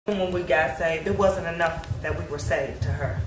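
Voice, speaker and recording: A woman's voice: low-pitched, moderate pace. A woman talking candidly about her late mother, reflective, with laughs between her thoughts. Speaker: grieving daughter sharing memories. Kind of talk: candid family conversation. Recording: roomy, distant mic, faint hiss.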